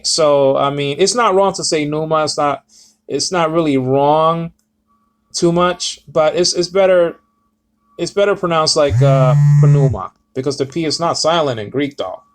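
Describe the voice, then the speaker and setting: A man's voice: a little high, normal speed. A man giving a casual Bible Greek lesson, rambling and correcting himself with many fillers. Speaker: Bible teacher.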